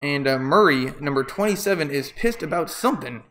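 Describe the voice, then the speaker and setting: A man's voice: fairly high pitch, lively intonation, brisk, a bit bright. A man doing casual live play-by-play commentary, rambling and opinionated with jokey asides.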